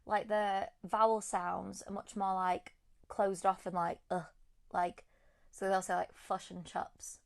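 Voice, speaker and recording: A woman's voice: mid-range voice, level tone, a little slow, creaky. A woman co-hosting a casual podcast, chatty and giggly, full of "like". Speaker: podcast co-host. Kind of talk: casual chat.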